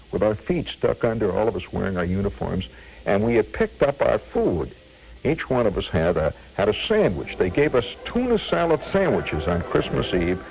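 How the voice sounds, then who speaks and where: An older man from Indiana recalls a wartime memory with a gravelly, lively voice that swings up and down, often restarting his phrases. The radio recording sounds dull and lo-fi, with faint music underneath. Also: lowish voice. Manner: animated reminiscing, restarts phrases. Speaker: storyteller. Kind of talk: personal war memory told on radio.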